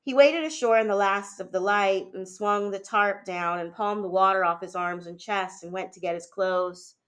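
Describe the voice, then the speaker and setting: A teacher reading a novel aloud in a measured, steady way, with a few small fillers and restarts. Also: female voice, medium pitch, clean tone.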